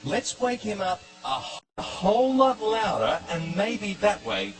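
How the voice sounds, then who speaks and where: A man's voice: sits high, unhurried. A man entertaining children at a live concert, enthusiastically rallying the audience. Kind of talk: live show patter to audience. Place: concert auditorium. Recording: live concert with loud music.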